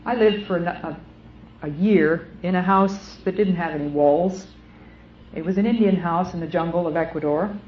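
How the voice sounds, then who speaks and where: Middle-aged woman, sermon, deliberate and earnest; muffled lo-fi recording with faint hiss. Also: on the low side. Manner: earnest, measured, deliberate phrasing. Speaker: speaker. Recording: muffled old recording in an echoey hall.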